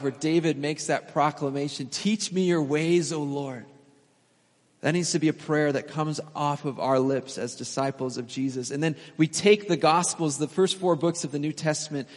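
A man in his thirties preaching a sermon as pastor, telling stories in a relaxed, conversational way with fillers and small laughs. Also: fairly high pitch. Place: church sanctuary. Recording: long hall reverb.

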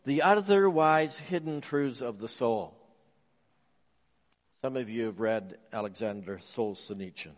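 A man preaching a sermon as a pastor. He tells stories, swinging from loud emphasis to soft, low asides. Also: a little slow. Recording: long reverb of a large hall.

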